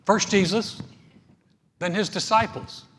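A male pastor preaching a sermon in a church hall, animated, acting out little scenes as he teaches. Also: high-pitched, takes it slowly. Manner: animated, acts out dialogue. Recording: echoey hall, faint noise.

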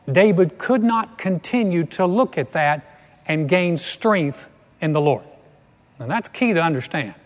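Male pastor, earnest conversational sermon, repeats for emphasis, fairly high voice, echoing hall.

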